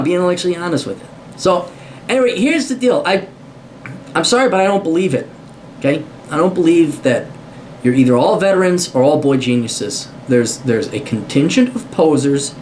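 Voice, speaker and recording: A man with a somewhat high voice delivers an unscripted opinion rant straight to camera. He is combative and sarcastic, swears freely, and trips over repeated words as he restarts his sentences. A faint hiss runs underneath. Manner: blunt and combative, with frequent cursing; stammers and restarts mid-sentence. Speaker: video commentator.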